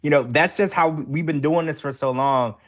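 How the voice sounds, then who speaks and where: A man co-hosting a casual podcast recap, chatty and animated, his voice jumping up high when excited. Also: brisk. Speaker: podcast co-host.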